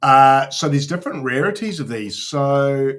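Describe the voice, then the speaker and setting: A man's voice: mid-range voice, expressive, moderate pace, a bit bright. A man hosting a casual crypto livestream, swearing freely and talking to his chat as he browses.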